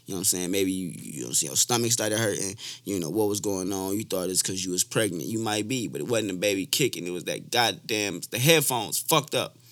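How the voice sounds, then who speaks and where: A man's voice: low voice, fast, hardly any pauses, a bit bright. A young man hosting a casual podcast chat, loose and profane, joking and repeating himself as he talks. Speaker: podcast host.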